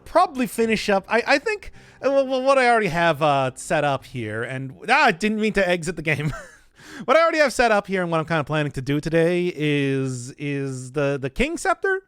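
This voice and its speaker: A man with a voice on the high side, brisk and a bit bright, with a clear, resonant tone and big pitch swings, speaks with no echo. He streams a video game, chatting loosely with chat through jokes, rambling restarts, and self-interruptions.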